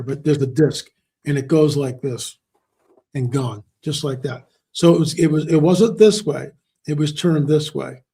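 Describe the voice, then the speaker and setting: His voice leans high, a little mellow and slightly rough, as he speaks as an interview guest who is an author and researcher. The talk is conversational, with emphatic storytelling and words repeated for emphasis.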